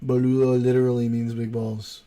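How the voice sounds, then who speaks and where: A man's voice: mid-range voice, little pitch movement, warm tone. A man with an Argentine accent from Buenos Aires, hosting a livestream and chatting in casual, joking banter. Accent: Argentine Spanish (Buenos Aires). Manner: slow, joking, mock-indignant banter. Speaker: livestream host. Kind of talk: casual chat with a co-host.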